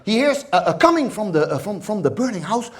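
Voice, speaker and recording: A Dutch-accented male comedian telling a stand-up story. He stammers and repeats words in a deadpan, absurd delivery. His voice is high and rises and falls widely. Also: fast talker. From Netherlands. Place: stage.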